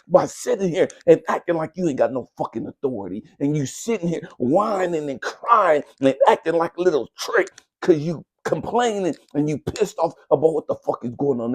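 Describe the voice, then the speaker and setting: A man's voice: a little high, breathy edge. A man, a spiritual coach, delivering a fierce, profane motivational monologue in a preaching, scolding manner.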